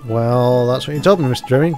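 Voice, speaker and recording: A man's voice: mid-range voice, quick pace, darkish tone, soft background music, lightly acted. A man reading the lines of an earnest, curious young boy hero, asking one question after another.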